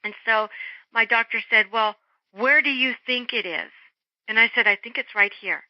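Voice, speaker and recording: A middle-aged woman, an interview guest, telling a story in an animated way and acting out the voices of the people in it. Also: on the high side, normal speed, no room sound. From Germany. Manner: animated, acts out quoted voices. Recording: dull lo-fi phone-line sound.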